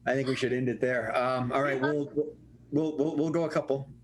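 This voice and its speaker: A man hosting an improv comedy show, playful and quick to laugh. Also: mid-range voice, a little hiss or hum. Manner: laughs often, lively and playful. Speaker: host.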